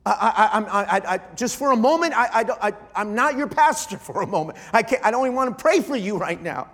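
A middle-aged man, a pastor, preaching an emotional sermon, often halting and repeating his starts. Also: high voice, expressive, a bit bright, in a large hall. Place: large church hall.

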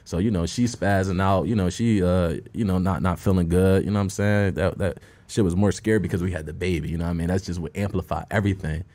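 A man's voice: low-pitched, fairly even intonation, quick pace, darkish tone. A man, a guest musician from Philadelphia, telling a story in casual street slang with lots of "you feel me.".

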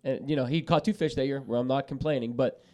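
A man's voice: mid-range voice, steady tone, fast, mellow. A man chatting about fishing in an easygoing, rambling way. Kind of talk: casual fishing chat.

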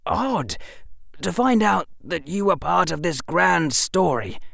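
A man's voice: high voice, vocal fry, no echo, clean studio sound, pitched above the performer's own voice, full character voice. A man voicing a clever, flippant eleven-year-old boy wizard in a wry, rambling manner. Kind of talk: audiobook character voice.

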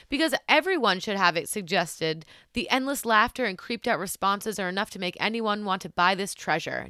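Young woman host, bright crisp voice, giggly, reads stuff out all playful. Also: mid-range voice, no echo, clean studio sound. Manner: giggly, reads reviews aloud with playful emphasis. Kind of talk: casual chat.

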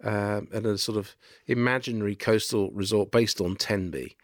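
A man co-hosting a book podcast, sounding deeper and throaty from a virus, talking with hesitant restarts. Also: steady tone, normal speed, no echo, clean studio sound. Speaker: podcast co-host and publisher. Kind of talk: casual podcast chat.

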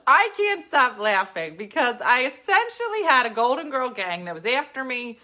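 A woman comedian telling a story in an animated way. Her voice is bright and her pitch swings widely. She laughs often and breaks into playful vocal riffs.

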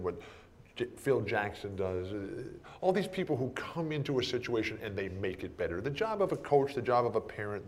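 A man spinning animated stories in conversation. He laughs often and puts on quick voices for the people he quotes, his pitch in a middle range. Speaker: broadcaster. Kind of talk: storytelling in conversation.

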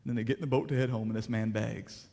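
A man preaching a sermon with emphatic delivery and rhetorical questions, swinging between loud declarations and hushed passages. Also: fairly low pitch, steady tone, fast, gravelly, big-room sound. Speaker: pastor.

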